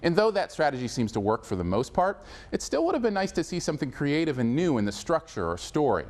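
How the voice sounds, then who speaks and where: A man hosting a scripted movie review, wry and upbeat in delivery. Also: fast. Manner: lively, wry delivery with big pitch swings.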